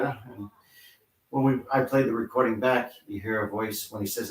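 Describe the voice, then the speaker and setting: A man who investigates hauntings, telling a story in casual chat with steady "uh" pauses. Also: mid-range voice. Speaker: paranormal investigator. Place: living room at a live party. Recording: echoey room, mic far off.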